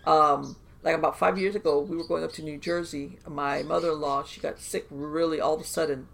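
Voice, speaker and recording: A woman guest on a podcast, telling stories in a casual, animated way with lots of fillers and restarts. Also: low-pitched, a little fast, vocal fry, a little hiss or hum. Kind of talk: casual conversational storytelling.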